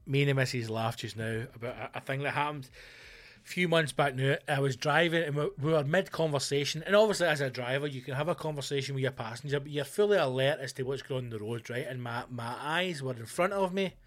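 A man with a Scottish accent hosting a comedy podcast, ranting loudly and swearing a lot. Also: mid-range voice, fast. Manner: loud, sweary, animated ranting.

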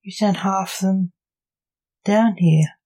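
A woman's voice: medium pitch, slow, mellow, low-quality recording. Woman reading as a grumbling male Lord of Hell. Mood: grumpy. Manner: grumbling, curt. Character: grumpy male Lord of Hell, weary father.

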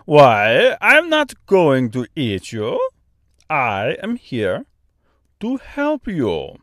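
A man's voice: mid-range voice, wildly swooping pitch, very slow, a bit bright, dry recording, clean studio sound, voice pushed up, heavily acted. A man voicing a huge, kind-hearted male stork with a thick accent that blends Austrian and French, in an audiobook reading. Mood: jolly. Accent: mixed Austrian and French. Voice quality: thick, grand.

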